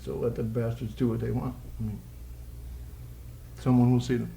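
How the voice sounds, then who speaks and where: A man's voice: mid-range voice, little pitch movement, moderate pace, gravelly, pauses often, dark tone, slight background noise. A man giving a live poetry reading with playful, rambling asides, chuckling between lines. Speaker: poet. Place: college social room with audience. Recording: echoey live room recording.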